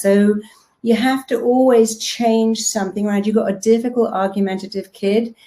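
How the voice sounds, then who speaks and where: A woman's voice: medium pitch, a little fast, dark tone. A middle-aged woman hypnotherapist giving a motivational talk, telling stories emphatically and acting out what people say. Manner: emphatic storytelling, acting out quotes.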